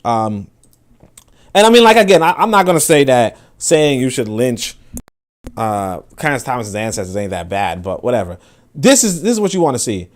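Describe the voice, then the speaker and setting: A male commentator of middling pitch talks loosely about clips he is watching. He rambles, swears freely and fills his sentences with filler words. The tone is casual and offhand throughout. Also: big pitch swings, moderate pace.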